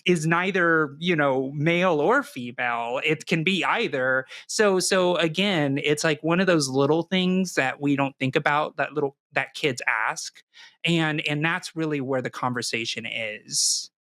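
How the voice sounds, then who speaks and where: A man's voice: a little high, a little slow, dry recording, studio quality. A man co-hosting a talk show, an educator and parent, talking animatedly with frequent restarts and acting out what kids and parents might say. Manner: animated, restarts often, acts out quoted kids. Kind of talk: casual discussion with a caller.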